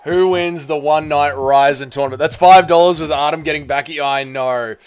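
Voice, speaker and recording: A man hosts a live stream in a high, light voice, joking with his chat as he tallies votes. He gets loud and excitable as the counts climb. Faint music plays quietly underneath. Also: fairly quick, clear, resonant tone. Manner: excitable, calls out vote counts, banters with chat.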